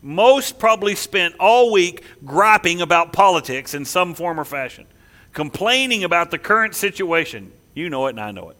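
A man preaching a sermon, emphatic, swinging between loud declarations and hushed asides. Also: high-pitched, sing-song, normal speed. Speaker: pastor.

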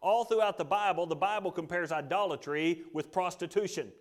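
Male pastor, high voice, dramatic sermon storyteller. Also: fairly quick. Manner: dramatic, acts out the story's quotes.

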